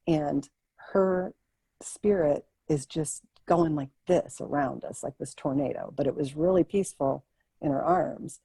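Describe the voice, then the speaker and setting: Woman, interview guest, gravelly voice, dry close sound, vivid emotional storytelling. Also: sits low, no room sound, rough recording. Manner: vivid, expressive, animated retelling with many restarts.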